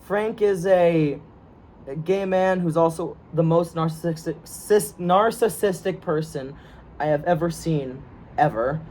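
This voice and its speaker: A young man from the United States chats in a relaxed, joking way, laughing often and stumbling over his own sentences. His voice sits a bit high for a man, and faint room noise sits under it. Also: measured pace. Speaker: co-host of a script reading video. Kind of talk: casual banter.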